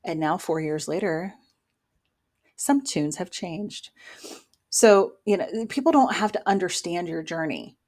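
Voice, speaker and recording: A woman's voice: fairly low pitch, a little slow, darkish tone. Encouraging woman giving a tarot reading. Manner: encouraging, motivational. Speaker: tarot reader and spiritual coach. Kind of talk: casual weekly tarot reading. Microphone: own microphone.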